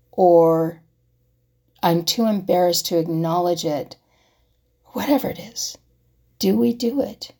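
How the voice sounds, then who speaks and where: Soft-spoken, husky woman musing aloud. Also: mid-range voice. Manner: asks herself rhetorical questions, drops to soft whispers. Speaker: vlogger. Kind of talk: reflective personal talk.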